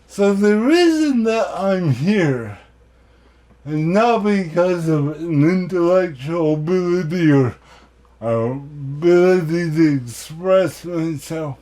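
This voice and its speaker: Male keynote speaker telling stories from his life, kinda high voice, mellow dark tone, dry humor. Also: lively intonation. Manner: slow, deliberate, with self-deprecating humor. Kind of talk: personal storytelling keynote.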